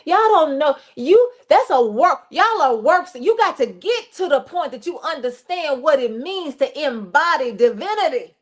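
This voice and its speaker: Brief: high-pitched woman, reverend hosting a streamed faith talk, lively preacher's delivery. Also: measured pace, few pauses. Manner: animated, addresses listeners directly, acts out quotes. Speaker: reverend and show host.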